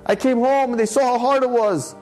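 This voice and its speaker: A man's voice: very high-pitched, fairly even intonation, a little fast, darkish tone, faint music behind, pitched above the performer's own voice. A man voicing a tired devout father who pleads and justifies himself. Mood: aggrieved. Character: weary, aggrieved devout father complaining.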